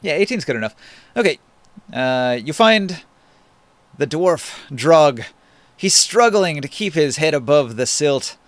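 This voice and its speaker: A man's voice: on the high side, animated, unhurried, long pauses, dry recording. A man narrating as game master in a tabletop game, patiently explaining the rules and the layout.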